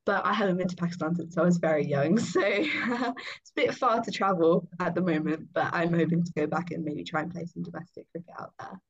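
A woman's voice: fairly low pitch, brisk, husky. A young woman from England, a guest cricketer, telling a long story in a chatty, casual way with lots of ums and small laughs. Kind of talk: casual interview chat. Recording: dull lo-fi sound.

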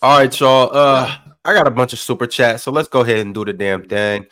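A man's voice: mid-range voice, fairly even intonation, a bit bright. A man hosting a live basketball stream, reading out viewer messages and moving the show along. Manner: brisk, moving things along. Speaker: show host reading super chats.

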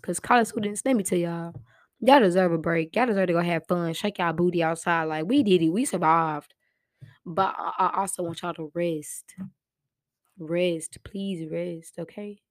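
Earnest young woman podcaster, low dry voice. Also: fairly even intonation, moderate pace, no echo. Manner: casual slang-filled, earnest and encouraging. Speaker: podcast host. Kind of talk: heartfelt motivational podcast talk.

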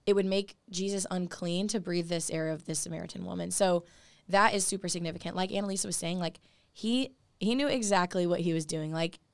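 A young woman talks earnestly on a podcast, leaning on "like" as she goes. Her voice sits a little low with a gravelly fry. The sound is dry and close. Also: fairly quick, no room sound. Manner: earnest, many "like" fillers. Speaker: podcast co-host. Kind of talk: casual faith podcast chat.

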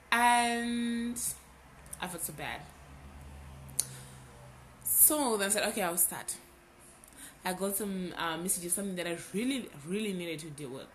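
A young adult woman hosting a podcast, telling a personal story in a casual, animated way and repeating words for emphasis. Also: medium pitch, unhurried, long pauses, a little hiss or hum. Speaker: podcast host.

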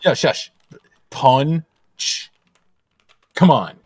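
A young male podcast co-host with a lively, animated voice that rises and falls widely. He teases and prods the other hosts, and the recording is dry and close. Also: medium pitch, drawn-out words, breathy edge, dry recording. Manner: teasing, prodding others. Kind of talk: casual chat.

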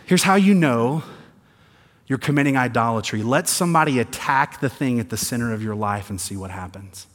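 Pastor preaching in a reverberant hall. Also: male voice, mid-range voice, expressive, moderate pace. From American South. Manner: swings from quiet emphasis to rising intensity, sarcastic asides. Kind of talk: sermon.

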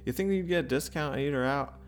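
A man's voice: a little high, fast talker, roomy sound, faint music behind. A man doing stand-up comedy and recapping his set, profane, rambling and self-deprecating. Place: comedy club stage.

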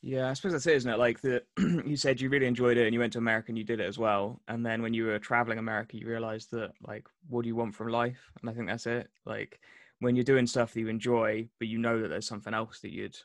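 A man from England hosting a casual interview, friendly and quick to laugh. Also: mid-range voice, flat delivery, dry recording. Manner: friendly, laughs easily, repeats tags like "isn't it". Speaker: interviewer, host.

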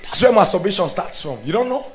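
A man preaching as a pastor, swinging from loud declarations to hushed, acted-out inner voices. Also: high-pitched, expressive, quick pace, faint music behind. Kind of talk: sermon.

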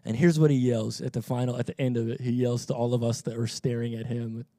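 A man preaching a sermon, moving between relaxed conversational storytelling and loud, fervent declaration. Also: mid-range voice, fast, dry recording, clean studio sound. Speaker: pastor.

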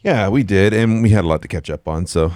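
A young man co-hosting a casual chat, relaxed and jokey, sometimes mimicking voices for laughs. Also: low voice, quick pace, no echo, studio quality. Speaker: podcast co-host.

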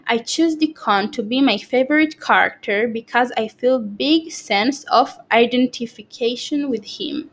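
A woman reading a book report aloud slowly and carefully, with small slips and restarts. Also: on the high side, poor audio. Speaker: student presenting a book report. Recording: clear background noise.

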